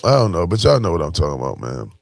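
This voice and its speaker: Gravelly man from Buffalo talking slang. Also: low-pitched, huge pitch swings, very fast, no echo, clean studio sound. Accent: Buffalo, New York. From Buffalo, New York. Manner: slangy, frequent "you know what I'm saying". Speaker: vlogger. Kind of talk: casual motivational talk.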